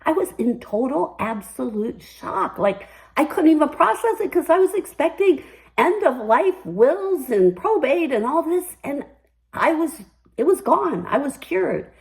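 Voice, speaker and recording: A woman's voice: sits high, sing-song, measured pace, vocal fry, low-quality recording. An older woman hosting a personal commentary, telling her story in an emphatic, upbeat way. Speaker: commentary host.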